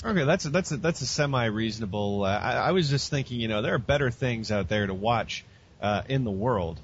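A man co-hosting a podcast in casual chat, wry and teasing, halting with fillers. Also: mid-range voice, expressive, slightly rough. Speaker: podcast co-host. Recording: dull lo-fi with faint hum.

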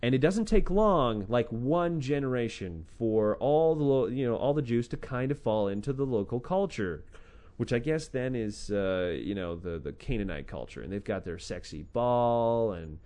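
A man's voice: mid-range voice, lively intonation, normal speed, a little mellow. A man casually retelling scripture stories in a sarcastic, profane way, breaking into acted-out quotes. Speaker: podcast host retelling a scripture book. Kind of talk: irreverent casual storytelling.

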